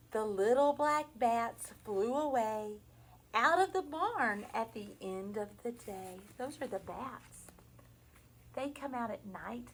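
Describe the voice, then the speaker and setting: A woman's voice: a little high, a little hiss or hum. A woman teacher reading a picture book aloud to young children, stopping to ask questions and make animal noises. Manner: slow, sing-song storytelling with questions and animal noises.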